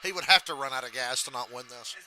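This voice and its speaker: Guy muttering through a live race watch, bright voice, slow and offhand, bit of hiss behind. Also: mid-range voice. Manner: slow, offhand muttering with profanity and throat clearing; eating while talking. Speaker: channel host reacting to a race. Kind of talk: casual live race reaction.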